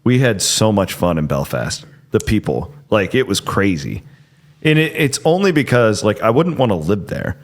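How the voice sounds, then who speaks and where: A man's voice: fairly low pitch, sing-song, normal speed. A middle-aged man hosting a podcast, telling stories in a rambling way, full of fillers and restarts. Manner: rambling, filler-heavy, self-interrupting. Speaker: podcast host. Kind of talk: casual chat and storytelling.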